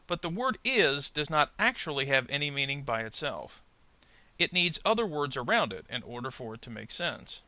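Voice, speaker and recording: In a scripted pronunciation lesson, a man with a very bright, slightly gravelly voice explains each point slowly and clearly, his pitch swinging widely as he stresses key words. He is very animated, the recording is dry, and he over-articulates model sentences deliberately so learners can repeat them.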